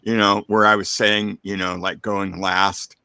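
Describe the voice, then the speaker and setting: A man's voice: fairly low pitch, flat delivery, a little slow, vocal fry, pushed and bright, clear, resonant tone, dry recording. A man on a casual stream, grumbling and teasing his friend. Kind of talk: casual live-stream chat.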